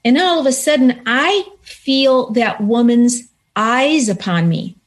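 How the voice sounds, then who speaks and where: Woman guest, somewhat high-pitched, earnest and animated as she tells her story. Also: takes it slowly. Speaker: interview guest. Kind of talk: personal story told in conversation.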